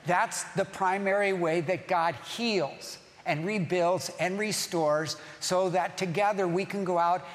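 A man's voice: sits high, fairly even intonation, unhurried, hardly any pauses, in a large hall. A man preaching as pastor, emphatic, repeating key phrases and putting questions to the congregation. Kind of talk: sermon.

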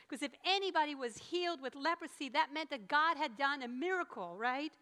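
Female preacher, high and bright, emphatic and animated sermon delivery. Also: a little fast, few pauses.

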